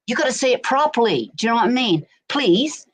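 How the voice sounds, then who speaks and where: A woman's voice: on the high side, very animated, racing. A woman from chatting as a guest on a home live stream, telling stories and often asking "do you know what I mean", with no external mic. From England, Berkshire. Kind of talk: casual chat. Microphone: no external mic plugged in.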